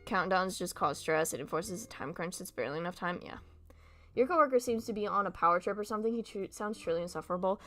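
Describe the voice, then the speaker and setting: A woman's voice: on the low side, lively intonation, quick pace, a bit bright, soft background music. A young woman chatting casually and candidly with her viewers, venting and swearing, and sometimes stumbling over words because of a speech impediment. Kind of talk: casual chat.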